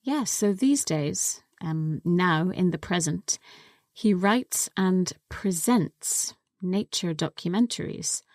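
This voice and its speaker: A woman co-hosting an English lesson podcast, patiently explaining words step by step in a clear teaching manner. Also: lowish voice, lively intonation, slow pace, a little mellow, no room sound, clean studio sound.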